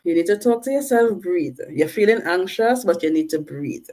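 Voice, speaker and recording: Talking to camera in a personal vlog, a woman coaches her viewers slowly and earnestly, often checking in with "all right?" and "right?" Her voice is on the low side, animated, and dark in tone.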